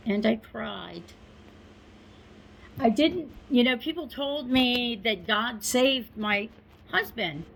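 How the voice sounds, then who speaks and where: A middle-aged woman telling a personal story to a listening audience. Her voice sits a little high and she takes her time, talking in an easy, conversational way with asides and small laughs. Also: slow pace, a bit bright, low-quality recording. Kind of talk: personal recollection, told to an audience.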